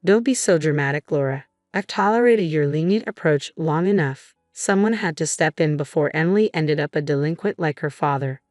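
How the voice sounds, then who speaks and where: A woman's voice: low-pitched, moderate pace, few pauses, darkish tone, no room sound, studio quality, faint music behind, close to an everyday voice. A woman voicing a scornful, stern older mother-in-law in a storybook reading, speaking in a sneering, condescending way.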